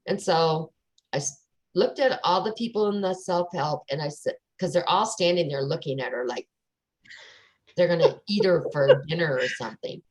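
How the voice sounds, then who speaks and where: A woman in casual chat, telling a personal story in an animated way and acting out the voices of the people in it. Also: on the low side, moderate pace, poor audio. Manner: animated storyteller, acts out quoted dialogue.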